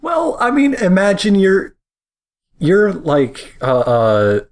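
Young man with lively, jokey quips. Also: high-pitched, slow pace. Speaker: podcast co-host. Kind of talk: casual chat.

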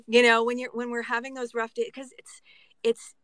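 A woman voice actor from Canada, chatting earnestly on a panel, animated and quick to laugh. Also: on the high side, clear, resonant tone, no room sound. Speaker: voice actor, guest. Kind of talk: casual panel chat.

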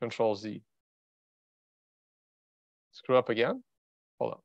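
Very animated yet slow, his mid-range voice carries a casual market-commentary livestream. The Russian trader and host rambles and thinks aloud bluntly and offhandedly. The recording is dry and slightly dull.

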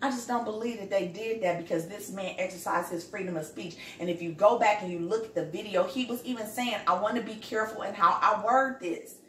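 A woman's voice: mid-range voice, fairly quick, hardly any pauses, fairly bright tone, reverberant, far from the mic, a little hiss or hum. A woman in her home kitchen, venting to her viewers in a blunt, profane, angry rant. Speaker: vlogger. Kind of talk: heated rant to camera.

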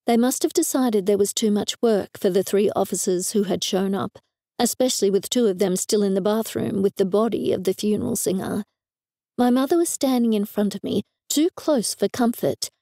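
A woman narrating a first-person audiobook in a wry, even storytelling manner on a close studio mic. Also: mid-range voice, normal speed, no echo.

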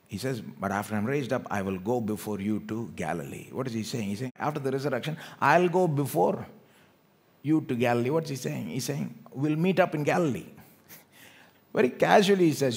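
A man from India preaching a sermon in church, acting out quoted speech with big swings between loud and quiet, and calling on the congregation to respond. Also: normal speed, vocal fry. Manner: animated, acts out quoted speech with big swings in loudness and pitch.

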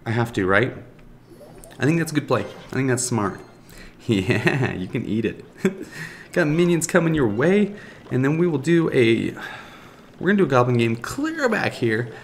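Gaming commentator, adult man, mid-pitched, jumpy and reactive, noisy home mic. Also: measured pace, pauses often. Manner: excitable, talks to viewers and taunts opponents. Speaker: gaming YouTuber. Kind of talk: live gameplay commentary.

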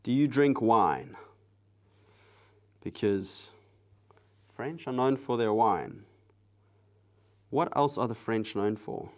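A man hosting a live drawing stream, chatting casually with viewers in a soft, relaxed way while he works. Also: mid-range voice, slow pace, pauses often. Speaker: live-stream artist host.

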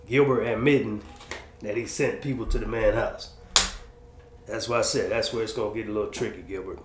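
In a roomy space with faint noise, a male commentary host does reaction commentary, handing out easygoing street-slang advice like a laid-back big brother. His voice sits on the low side, steady in tone, and he talks briskly.

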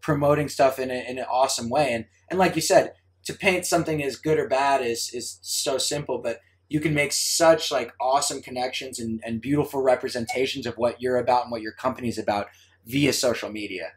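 A man's voice: medium pitch, fairly even intonation, fairly quick. A man hosting a podcast interview, friendly and casual, often restarting his sentences. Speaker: podcast host.

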